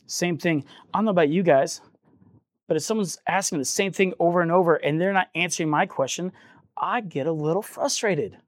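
A man preaching in an earnest, conversational tone, voice set a little high. He slips into the voices of the people in the passage as he explains it. The sound is dry and close, with little room echo. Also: brisk. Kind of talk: sermon.

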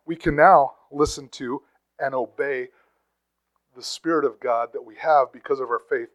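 A man's voice: mid-range voice, normal speed, poor audio. A man preaching a conversational teaching sermon, with asides, rhetorical questions and emphatic bursts on key phrases. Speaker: pastor.

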